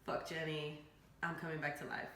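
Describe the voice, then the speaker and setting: A woman doing a sneering young villain, low and cold. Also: little pitch movement, moderate pace, fairly bright tone. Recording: echoey room with faint noise.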